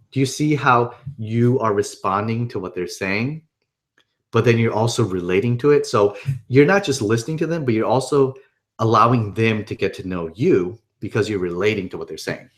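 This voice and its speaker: Here a man with a fairly low voice speaks at normal speed, leading a webinar in an easygoing, upbeat manner. It's casual instruction, peppered with "right?" as he checks in with whoever's listening.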